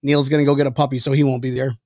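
A man hosting a casual sports podcast, excitable and rambling, laughing often between thoughts. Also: medium pitch, rapid-fire, dry recording, studio quality. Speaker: podcast host.

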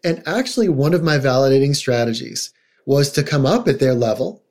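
A man's voice: medium pitch, animated, a little fast, darkish tone. A middle-aged man, a psychologist guest on a podcast, talking casually and now and then acting out quoted voices. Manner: conversational, acts out quoted voices.

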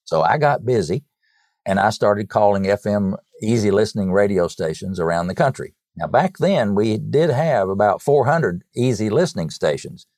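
An older man from North Carolina, a songwriter guest, telling stories in a lively way in an interview and often repeating words as he goes. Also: fairly low pitch, normal speed, no room sound, clean studio sound. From North Carolina, USA. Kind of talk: storytelling in a podcast interview.

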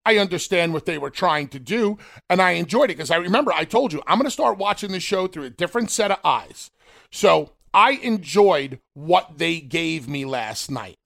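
A man talks wrestling in a casual, emphatic way and turns straight to the fans to make his point. His voice sits high for a man and has a gravelly, fry-laden edge. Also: lively intonation, moderate pace, a bit bright. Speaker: podcast co-host, former wrestler.

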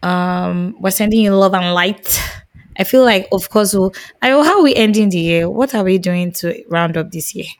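A Nigerian woman co-hosts a podcast, talking expressively and slipping Pidgin phrases into her English. Her voice sits at an ordinary pitch for a woman. The sound is dry and close. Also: normal speed, no room sound. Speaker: podcast co-host. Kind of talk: casual chat.

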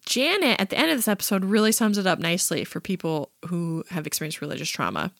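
A woman in her thirties co-hosting a casual podcast, animated and teasing with a theatrical edge. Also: fairly low pitch, quick pace, vocal fry, no room sound, clean studio sound. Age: 30s. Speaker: podcast co-host. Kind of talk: casual chat.

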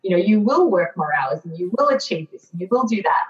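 Her voice lowish but swinging widely in pitch, a woman in her thirties speaks fast as a podcast guest. She opens up about her own life candidly and earnestly, reflective yet quick with self-mocking sarcasm. The audio is lo-fi, dull, and roomy.

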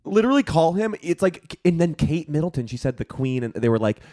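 A man's voice: on the high side, very animated, a little fast, dark tone. A young adult man co-hosting a comedy podcast, chatting in a campy, playful, profane way. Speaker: podcast co-host. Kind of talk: casual comedic gossip chat.

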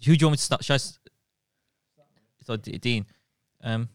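A man's voice: medium pitch, moderate pace, no room sound, clean studio sound. A man co-hosting a podcast in casual chat, rambling and interrupting himself. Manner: rambling, self-interrupting, giggly. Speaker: podcast co-host. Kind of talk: casual chat, doing accent impressions.

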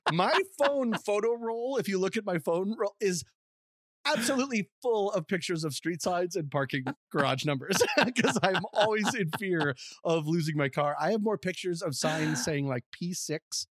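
A man's voice: sits high, moderate pace, a bit bright, dry recording, studio quality. A man co-hosting a podcast in casual chat, playful and laughing often, sometimes in a mock game-show announcer voice. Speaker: podcast co-host.

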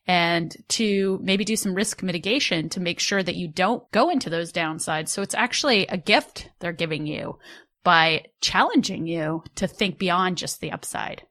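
A woman co-hosting a podcast, thoughtfully building on her guest's points in relaxed conversation. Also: lowish voice, moderate pace. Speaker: podcast co-host.

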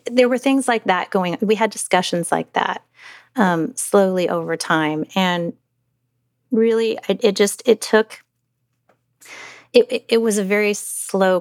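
A middle-aged woman telling a personal story as a mother in an interview, halting with many restarts and fillers. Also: lowish voice, no room sound, clean studio sound.

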